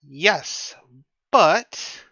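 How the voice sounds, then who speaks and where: Quiet game master on a dull mic. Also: male voice, sits high, expressive, very slow, no room sound. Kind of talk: running a tabletop game.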